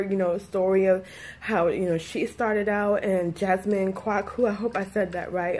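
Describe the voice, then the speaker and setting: A woman vlogging in a candid, rambling personal way, with many fillers and restarts, sometimes close to tears. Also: medium pitch. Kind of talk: casual personal vlog talk.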